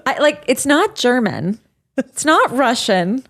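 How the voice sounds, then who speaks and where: A woman co-hosting a podcast in casual chat, animated and rambling, often restarting her sentences. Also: sits high, slow. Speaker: podcast co-host.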